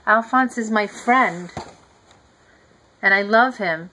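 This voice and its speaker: A woman's voice: mid-range voice, slow pace, bright, forceful tone, slight background noise, low-quality recording. A woman voicing an earnest little boy devoted to his pet as she reads a picture book aloud. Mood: earnest, pleading.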